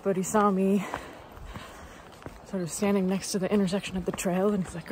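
A woman's voice: medium pitch, level tone, fairly quick, a little mellow, slight background noise. A young woman from Canada chatting upbeat to her camera outdoors on a hiking trail, telling a story with lots of fillers. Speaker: hiker vlogger. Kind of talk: casual chat to camera.

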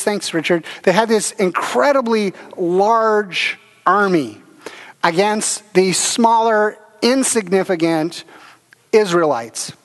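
High-voiced man preaching casually. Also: long reverb tail. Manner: conversational, anecdotal preaching with chuckles and filler words. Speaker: pastor. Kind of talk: sermon. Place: church service.

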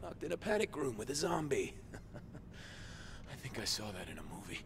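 A man's voice: medium pitch, very animated, normal speed, vocal fry. An actor voicing a male firefighter hero in a video game, speaking dry, matter-of-fact quips. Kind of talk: video game character dialogue.

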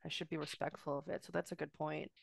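A woman's voice: low voice, fairly even intonation, fast talker, creaky, dry recording. A woman co-hosting a casual interview, asking questions and encouraging with frequent murmured agreement. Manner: encouraging, frequent "mm-hmm" back-channel. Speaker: co-host.

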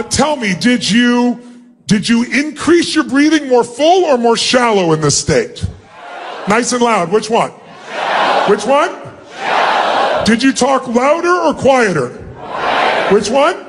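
A man leading a big seminar, loud and commanding, acting out quick little scenes for a large audience in an arena. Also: very high voice, very noisy. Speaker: motivational speaker.

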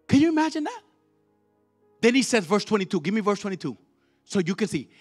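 A male evangelist preaching a fiery sermon in a church, leading call-and-response and swinging from quiet words to shouted, repeated lines. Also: very high voice, animated, a little fast, husky. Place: church sanctuary. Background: faint music from the musicians.

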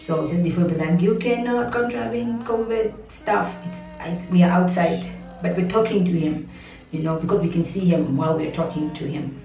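A woman vlogger telling a personal family story in a rambling way with many restarts, her voice steady and not breaking. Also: low-pitched, a little fast, soft background music. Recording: muffled, roomy, slightly distant.

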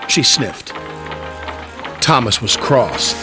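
A man's voice: mid-range voice, normal speed. A man narrating a children's railway story. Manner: lively storytelling. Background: music.

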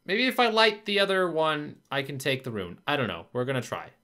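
A man's voice: a little high, animated, a little fast, sharp tone. A man narrating his own gameplay, frustrated and swearing as he talks to himself. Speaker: gaming video creator. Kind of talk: gameplay commentary.

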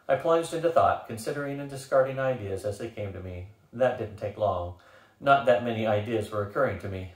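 Low-voiced man narrating an audiobook. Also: a little fast, far from the mic. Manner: expressive, wry. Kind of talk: first-person audiobook narration. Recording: roomy echo.

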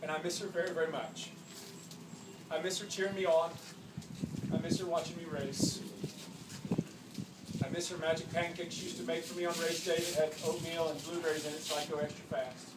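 A swim clinic coach in his forties gives children an earnest, animated pep talk in a large indoor pool hall, going soft and then erupting loudly. His voice is a little high and brisk with long pauses, captured echoey, distant, and noisy.

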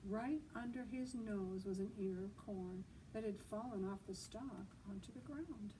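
A woman librarian reading a picture book at a children's storytime, gently asking her listeners questions as she goes. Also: mid-range voice, measured pace, far from the mic, a little hiss or hum, rough recording. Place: outdoors.

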